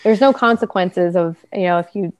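A woman's voice: on the low side, moderate pace, darkish tone, no echo. A woman co-hosting a casual talk show, chatting with many fillers and acting out quoted speech in different voices. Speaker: podcast co-host. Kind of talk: casual conversation about relationships.

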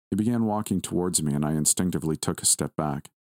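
Man narrating creepy story, real low voice, dry close sound, steady pace. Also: no room sound. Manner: measured, steady reading. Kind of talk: scripted first-person horror narration.

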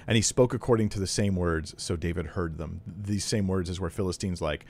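A man teaching from the Bible, reading scripture aloud and adding casual, emphatic asides, often clearing his throat. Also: deep voice, normal speed, a little mellow. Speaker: Bible teacher critiquing a preacher.

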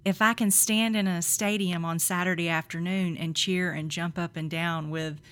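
A middle-aged woman co-hosting a faith podcast, telling lively stories, laughing often and acting out quotes. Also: on the low side, moderate pace. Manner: animated storyteller, laughs often, acts out quotes.

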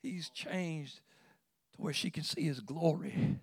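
A man preaching a sermon as pastor. He swings from hushed, intimate talk to loud exclamations and often repeats words. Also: on the high side, slow, breathy edge, dry recording.

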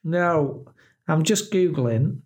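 Middle-aged guy on a podcast, slow easy talker, kinda high voice, keeps cracking up at his own jokes. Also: expressive, a little mellow. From England. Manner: jokey, laughs often, reads out search results. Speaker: podcast co-host. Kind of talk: casual chat.

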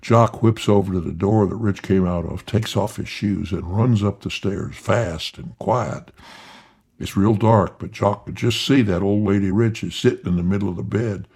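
A man telling a folksy tall tale in an unhurried, drawling yarn-spinning manner. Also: lowish voice, creaky, darkish tone, breathy edge. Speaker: storyteller.

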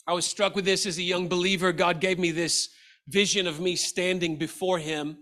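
Middle-aged male pastor, high ringing voice, earnest exhortative sermon delivery. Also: flat delivery, moderate pace, bright, forceful tone. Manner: earnest and exhortative, with rhetorical questions.

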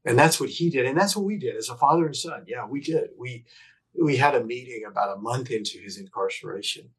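A middle-aged man, a podcast guest, telling a personal story candidly and earnestly, often restarting his sentences and moving between emphatic bursts and hushed phrases. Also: medium pitch, animated, fairly quick, husky, low-quality recording. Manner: reflective, earnest, with frequent restarts and self-corrections.

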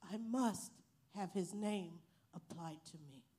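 A woman preaching a sermon, telling a story slowly and building to loud, emphatic praise. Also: on the low side. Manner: slow, emphatic preaching that swells to loud hallelujahs. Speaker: missionary preacher and Bible college teacher.

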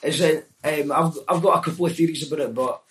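A man's voice: on the high side, fast, a bit bright, distant mic, a little hiss or hum. A Scottish man hosting a casual chat, rambling with many restarts. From Scotland. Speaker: podcast host.

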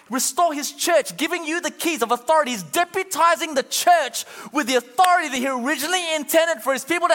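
A man's voice: extremely high pitch, in a large hall. A male pastor preaching a sermon, urging the congregation on and acting out quotes. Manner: animated, urging the crowd, acts out quotes.

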